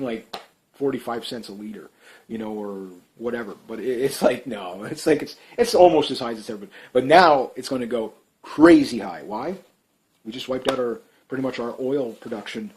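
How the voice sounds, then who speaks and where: A Canadian man rambling through casual commentary on his channel, full of fillers and restarts, his voice often trailing off quietly. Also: medium pitch, normal speed, slight background noise, poor audio. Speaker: vlogger.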